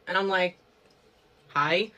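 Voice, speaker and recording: A woman's voice: fairly low pitch, slow, sharp tone, clean tone, rough recording. A young woman telling a story to her viewers in a casual, chatty way, full of fillers and swearing.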